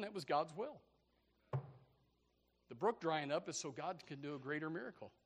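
A man preaching a sermon in an animated, stammering way, repeating words and acting out Bible characters. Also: on the high side, moderate pace, pauses often, breathy edge. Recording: echoey hall.

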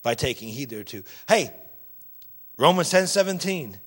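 A man preaching a sermon as pastor, swinging from loud exhortation to quiet earnest asides and acting out objections from the pews. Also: lively intonation, normal speed. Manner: acts out congregation objections in a higher voice.

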